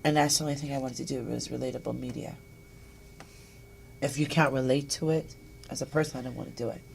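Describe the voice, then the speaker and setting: A middle-aged woman hosting a talk show, telling personal stories in an animated way and acting out the voices of people she quotes. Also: extremely low pitch, fast, vocal fry, a little hiss or hum. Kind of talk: personal storytelling chat.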